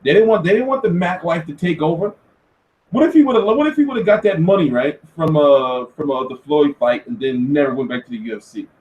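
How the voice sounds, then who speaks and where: A man hosting a casual commentary show, talking in an animated, profane rant. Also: a little high, brisk. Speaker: host. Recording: echoey room, far from mic.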